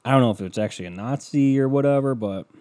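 Alone at his podcast microphone, this young male host rants in a mid-range, mellow voice that moves fast. His delivery is rambling, sarcastic and full of profanity.

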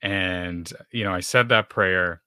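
A man's voice: low-pitched, takes it slowly, sharp tone, clean tone, dry recording, studio quality. A man from Texas sharing a personal testimony as a podcast guest, talking loosely with plenty of fillers. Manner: storytelling with many fillers, acts out dialogue.

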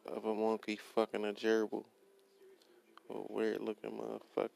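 A young man rants bluntly about his workday in a low, gravelly voice. His pitch barely moves, so the swearing comes out flat and steady. He keeps repeating himself and quoting his own comebacks. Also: rough recording. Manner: blunt, profane, repetitive, quotes himself. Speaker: worker ranting about his job. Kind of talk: profane casual rant.

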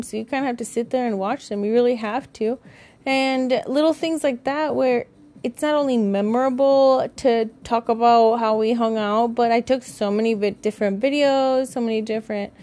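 A woman's voice: on the high side, a little mellow. A woman hosting her own podcast, a parent talking in a loose, rambling, chatty way, swearing freely and laughing at herself. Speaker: podcast host. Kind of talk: casual solo podcast chat.

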